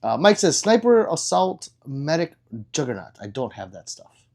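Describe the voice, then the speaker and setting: A man hosting a casual livestream and answering viewer comments in a blunt, profane and excitable way, with sudden loud outbursts. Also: on the high side, moderate pace, creaky. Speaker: livestream host.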